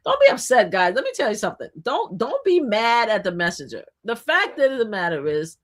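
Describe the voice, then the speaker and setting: A woman's voice: fairly high pitch, brisk. Emphatic woman streamer talking politics. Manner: animated, emphatic, addressing viewers directly. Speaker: livestream host. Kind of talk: opinionated political commentary to viewers.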